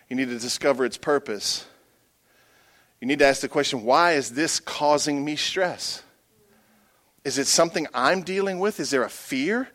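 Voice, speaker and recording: A middle-aged male pastor preaching a sermon, humorous and animated, swinging from hushed asides to emphatic bursts. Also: medium pitch.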